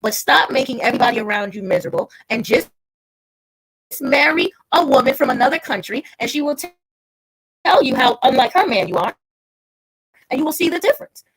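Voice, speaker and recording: A woman's voice: high-pitched, expressive, fairly quick, long pauses, husky, poor audio. A woman hosting a casual livestream, talking bluntly and lecturing a viewer. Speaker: livestream host.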